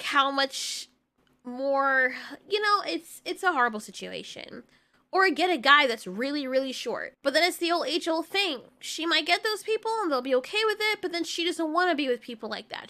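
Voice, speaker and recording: A young woman vlogger giving casual commentary to her viewers, animated and laughing uneasily now and then. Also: high voice.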